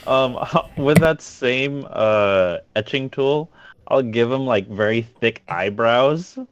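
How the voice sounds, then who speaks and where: A man's voice: medium pitch, slow, lo-fi sound, a little hiss or hum. A man playing a tabletop game, talking hesitantly with lots of fillers and dry humor. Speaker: player. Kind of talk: casual tabletop game play.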